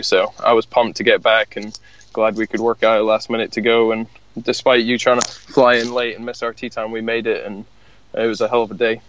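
A Scottish man, a podcast guest, tells stories in a relaxed, rambling, self-deprecating way. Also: on the low side, lo-fi sound. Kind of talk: casual storytelling chat.

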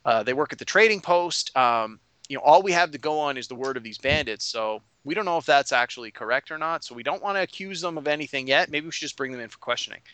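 A man's voice: fairly high pitch, lively intonation, fast, hardly any pauses, bright, forceful tone, clear, resonant tone, no room sound. A man doing a grizzled no-nonsense constable. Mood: businesslike.

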